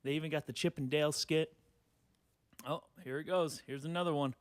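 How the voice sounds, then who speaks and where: A man's voice: fairly high pitch, fairly even intonation, brisk, smooth, dry recording. A man in his twenties hosting a solo podcast, ranting sarcastically with lots of cursing, fillers and restarts. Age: 20s. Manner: sarcastic, profane, rambling with many fillers. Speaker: podcast host.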